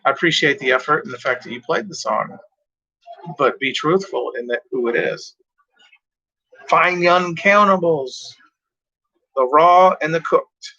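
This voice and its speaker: A man's voice: mid-range voice, moderate pace, gravelly, bright, forceful tone, slightly rough, highs cut off. A tired, yawning man rambling casually as he reads out track lists from his cassette tapes. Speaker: music collector reviewing cassette tapes.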